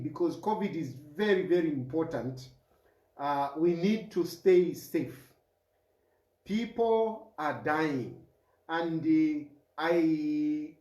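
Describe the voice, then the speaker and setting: A man's voice: sits high, echoey room. A man with a Zambian accent speaking straight to camera as a mayoral candidate, earnest and pleading, repeating his key phrases. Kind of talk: direct-to-camera address.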